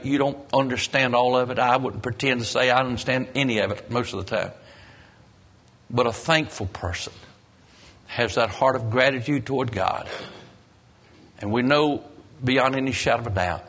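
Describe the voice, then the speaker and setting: A man preaching a sermon, telling the story dramatically with emphatic rises and soft, low endings. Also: moderate pace, pauses often.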